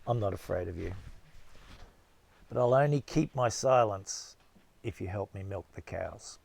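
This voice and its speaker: A man's voice: fairly low pitch, measured pace, creaky, a little mellow. A man voicing a cheerful, kind young farm girl in an audiobook, with a lightly raised, teasing delivery. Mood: playful.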